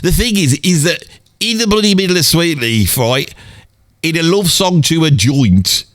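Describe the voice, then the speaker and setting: A man's voice: a little high, expressive, moderate pace, fairly bright tone. Chatty Brummie man reminiscing. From Birmingham, England. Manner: chatty, swears mildly, breaks into sung and mimicked bits. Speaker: storyteller guest. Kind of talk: casual rambling reminiscence.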